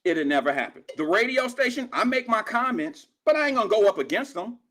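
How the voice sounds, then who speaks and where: Man, middle-aged, from Cincinnati, talk host, confrontational rant, profane, bright sharp tone. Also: high-pitched, sing-song, fairly quick. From Cincinnati, USA. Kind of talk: live call-in show rant.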